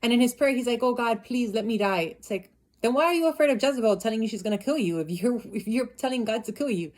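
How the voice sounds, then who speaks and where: A woman's voice: fairly high pitch, quick pace, darkish tone. Chatty woman vlogging about her Bible reading. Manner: chatty and amused, retelling stories with lots of "like". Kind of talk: casual Bible commentary vlog.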